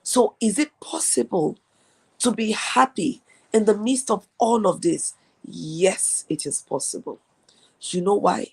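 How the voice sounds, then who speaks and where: A woman's voice: medium pitch, a little slow, gravelly, slightly rough. A woman from Nigeria hosting a live stream, giving an earnest motivational talk and repeating key phrases for emphasis. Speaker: host.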